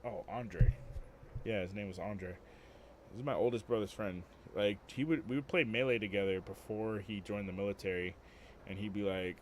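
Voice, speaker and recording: A man's voice: fairly low pitch, fairly even intonation, moderate pace, slight background noise. A young man streaming, telling rambling, profane stories and laughing at his own jokes. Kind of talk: casual storytelling.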